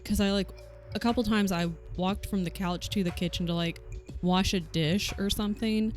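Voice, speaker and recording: A woman from the American South with a softened Southern accent, chatting casually on a stream and swearing freely. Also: medium pitch, steady tone, normal speed. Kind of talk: casual chat while coworking. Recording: faint music behind.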